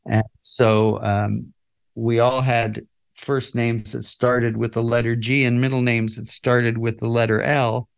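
A man's voice: medium pitch, little pitch movement, unhurried, vocal fry, smooth. An older man, a guest in an interview, recalling his past in a reflective, chuckling way with many fillers and restarts. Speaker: interview guest, musician and author. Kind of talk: casual interview storytelling.

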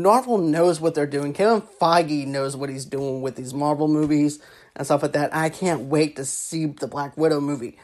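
A woman's voice: low voice, a little mellow. A woman giving casual, rambling movie commentary, often repeating herself and stacking filler phrases. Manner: rambling, repeats "actually" and "go on ahead".

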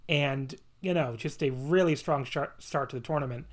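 A man co-hosting a casual wrestling podcast, rambling and animated, laughing often and swearing casually. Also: mid-range voice, moderate pace. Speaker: podcast co-host. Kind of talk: casual wrestling review chat.

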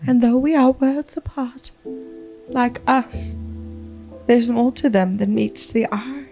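A woman guest on a comedy podcast, speaking in a quiet, dry, deadpan way. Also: fairly high pitch, slow pace, faint music behind.

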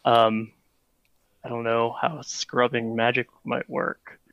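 A man with a gravelly, mid-pitched voice chats casually as a player in a tabletop game, working out his options aloud. The sound is dry and a little dull. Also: monotone, takes it slowly, no echo. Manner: casual, joking, thinks aloud. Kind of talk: tabletop role-play chat.

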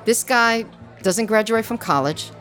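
A woman's voice: a little high, animated, a little slow, fairly bright tone, soft background music. A woman with a foreign accent hosting a podcast, talking casually and laying out her points with emphasis. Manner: emphatic, tells the story point by point. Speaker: podcast host. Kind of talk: casual chat.

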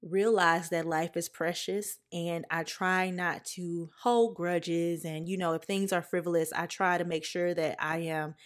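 A woman's voice: fairly low pitch, fairly even intonation, a little slow, hardly any pauses. A young woman hosting a podcast, telling a personal story in a candid, conversational way. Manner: candid, conversational, emotional at times. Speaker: podcast host.

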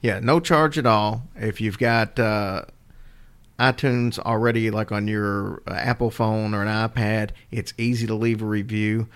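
Speaking a little slowly in a steady, lowish voice, this man co-hosts a podcast and rambles easygoingly about how to support the show. It's casual chat, sprinkled with fillers.

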